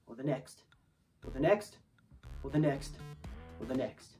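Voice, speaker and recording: A woman puts on a pompous little vegetable minion general who rallies the troops in a grand, mock-epic speech. The voice sits a little back from the mic with faint music underneath, and the pitch stays in a middling range. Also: lively intonation, normal speed, gravelly, far from the mic. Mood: vengeful.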